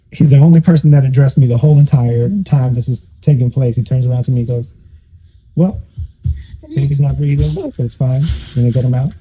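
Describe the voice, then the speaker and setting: A man's voice: mid-range voice, warm tone, a little hiss or hum. A young man at a church conversation telling a personal testimony in an emotional, vivid way, acting out the people in it. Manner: emotional, vivid storytelling that acts out the people involved. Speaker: guest.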